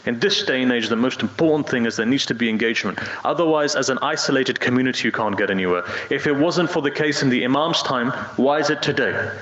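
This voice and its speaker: A man's voice: medium pitch, quick pace, hardly any pauses, a bit bright. A man preaching a sermon with earnest emphasis, telling a story to a mosque congregation. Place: mosque hall. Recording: roomy, dull hall recording.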